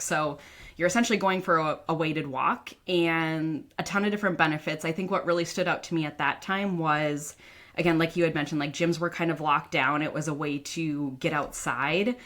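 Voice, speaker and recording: A woman's voice: sits low, steady tone, moderate pace, a bit bright. A woman dietitian and author talking casually as a podcast guest, chatty and full of "like" fillers. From northern United States. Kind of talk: casual interview talk.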